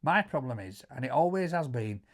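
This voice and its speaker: A middle-aged man with a Yorkshire accent telling stories in casual chat, animated, stumbling over repeated words and loudly acting out quotes. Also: medium pitch, moderate pace. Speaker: co-host answering viewer questions.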